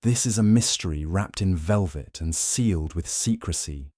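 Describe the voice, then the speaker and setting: A man voicing a fastidious little detective with a French accent, speaking softly but with precise authority in a storybook reading. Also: low voice, dry recording, clean studio sound. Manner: soft but commanding, precise. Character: fastidious little male Belgian detective, commanding.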